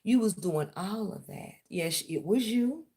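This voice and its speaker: A woman's voice: mid-range voice, expressive, measured pace, warm tone. A woman, ranting on her vlog and sarcastically accusing someone of spying on her. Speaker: vlogger. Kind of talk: confrontational callout rant.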